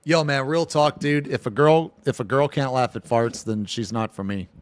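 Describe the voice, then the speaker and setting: A man streaming live, reacting to posts with loud, crude joking banter and bouts of coughing. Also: medium pitch, normal speed, no echo.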